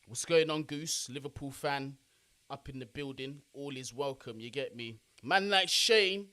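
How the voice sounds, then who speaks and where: A young man, chatting casually on a football watch-along live stream and giving shout-outs to his chat. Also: mid-range voice, fairly even intonation, normal speed.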